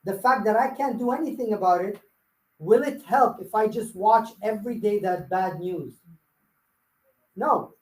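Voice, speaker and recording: A man's voice: high-pitched, unhurried, darkish tone, roomy sound, low-quality recording. A man leading a live sales coaching workshop, blunt and firing rhetorical questions at his audience. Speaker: real estate sales trainer.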